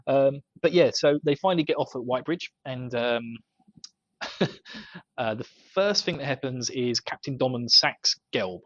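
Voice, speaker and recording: A man's voice: mid-range voice, moderate pace, fairly bright tone. Chuckling man recapping on a lo-fi mic. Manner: chuckles often while recapping. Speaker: podcast co-host. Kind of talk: casual book discussion chat. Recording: dull lo-fi podcast audio.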